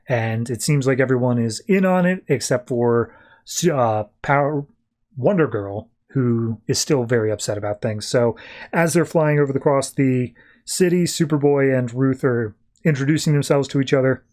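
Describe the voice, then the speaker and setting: A man hosting a podcast, casually retelling a comic book story, quoting characters in quick offhand voices and talking loosely with fillers. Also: medium pitch, darkish tone. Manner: loose, filler-heavy delivery with "like" and "uh". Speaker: podcast host.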